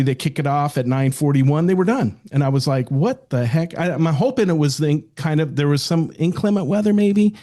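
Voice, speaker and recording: A man's voice: on the high side, mellow. Chatty older man co-hosting a podcast. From South Dakota, United States. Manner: chatty, joking, tells stories at length. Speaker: podcast co-host. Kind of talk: casual chat.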